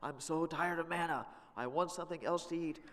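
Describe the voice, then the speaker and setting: A man's voice: a little high, brisk, a bit bright, pitched above the performer's own voice, lightly acted. A man voicing a whining Israelite man, tired of manna and complaining in a sing-song way. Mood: whiny. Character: whiny grumbling Israelite man, sick of manna. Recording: long reverb of a church hall.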